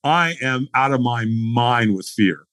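A man's voice: mid-range voice, animated, takes it slowly, a bit bright, no echo. A man telling a dramatic story as a podcast guest, acting out the scene in voices. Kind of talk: animated storytelling.

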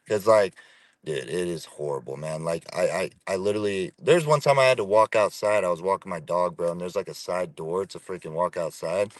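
A man's voice: low-pitched, fairly quick, no echo. A man talking as a podcast guest over a call from his car, laid-back and profane, saying "bro" and "dude" constantly. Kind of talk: casual conversation. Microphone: remote call.

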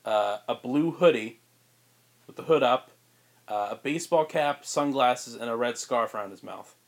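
Man, podcast co-host, casual story pitch, rambling, fillers, laughing. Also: moderate pace.

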